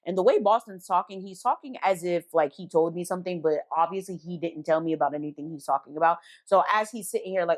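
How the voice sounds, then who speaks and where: A woman's voice: on the low side, fast, few pauses. A young adult woman telling a dramatic personal story in a casual, profane, slangy way, acting out what people said. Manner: animated, profane, slangy, acts out quotes. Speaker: storytime vlogger.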